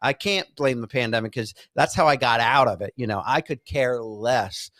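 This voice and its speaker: A middle-aged man co-hosting a podcast, telling a crude story in a halting way, full of fillers and restarts. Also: mid-range voice, fairly bright tone, no echo, studio quality. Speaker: podcast co-host. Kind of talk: crude casual chat.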